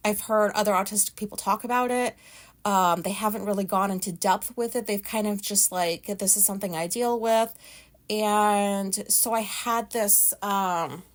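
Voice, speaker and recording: A woman hosting a solo podcast, talking loudly and frankly. She rambles and corrects herself as she goes, in an everyday voice of middle pitch. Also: fairly even intonation, moderate pace. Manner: chatty, rambling, frank and self-deprecating; loud talker. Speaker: podcast host. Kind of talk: casual solo podcast monologue.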